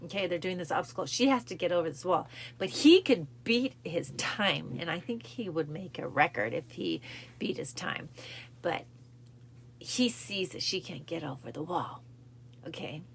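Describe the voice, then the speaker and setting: Gravelly low-voiced woman chatting about her cancer journey, emotional, repeats stuff a lot, bit of hiss behind. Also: expressive, moderate pace. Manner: emotional, repeats phrases, acts out film lines with rising pitch. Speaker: host of a cancer support show. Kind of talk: casual talk to camera.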